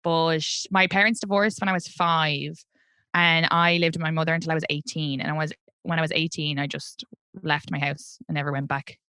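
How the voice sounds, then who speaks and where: An Irish woman in her thirties talks with a bright, forceful voice that sits a little low. She chats candidly and laughs easily, and her voice sounds dry and close to the mic. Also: flat delivery, moderate pace, clear, resonant tone, no room sound. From Ireland. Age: 30s. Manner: chatty, candid, laughs often. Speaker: comedian guest. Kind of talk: casual interview chat.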